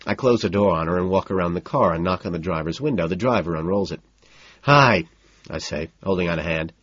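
Low husky guy reading an audiobook deadpan, dry dull lo-fi sound. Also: quick pace, no room sound. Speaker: audiobook narrator. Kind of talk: first-person audiobook narration.

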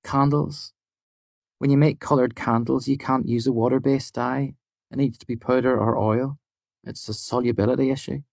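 A man voicing a shy, clever young woman student in an audiobook, speaking softly and precisely. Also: mid-range voice, steady tone, moderate pace, vocal fry, no room sound, voice pushed up. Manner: soft-spoken and precise. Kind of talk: audiobook character voice.

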